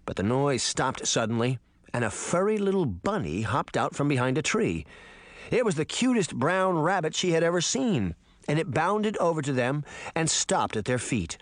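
A man reading a storybook aloud with an expressive delivery. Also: on the high side, normal speed, no echo, clean studio sound. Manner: animated, expressive. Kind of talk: storybook narration.

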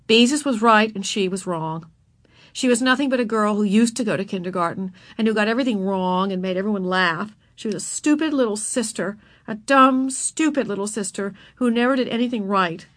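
A woman reading a children's story aloud, expressive and putting on voices for the characters. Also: mid-range voice, fairly quick. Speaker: narrator. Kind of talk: children's book read aloud.

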